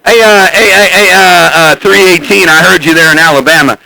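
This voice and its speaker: A man chattering on CB radio as the channel's host, boastful and loud, hailing others over and over. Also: high-pitched, a little fast, vocal fry, no room sound, poor audio.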